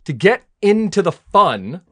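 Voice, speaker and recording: A man with a high, bouncing voice hosts a comedy podcast game. His delivery is playful and lively, with wide swings in pitch. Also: measured pace. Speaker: host.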